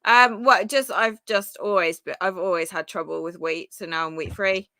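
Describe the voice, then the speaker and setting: Bright chatty woman on a live podcast. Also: fairly low pitch, moderate pace, no room sound. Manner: chatty, candid, trailing fillers. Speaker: podcast co-host. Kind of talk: casual live podcast chat.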